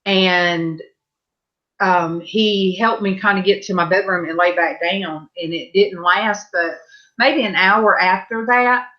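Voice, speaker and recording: A woman hosting a live-stream panel, telling stories in a slow, halting, meandering way over a video call. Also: on the low side, fairly even intonation, dull audio. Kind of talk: casual chat on a live stream.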